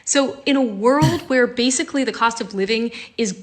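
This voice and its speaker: A woman's voice: a little high, normal speed. A woman giving blunt, emphatic commentary and talking straight to the viewer. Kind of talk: social media commentary.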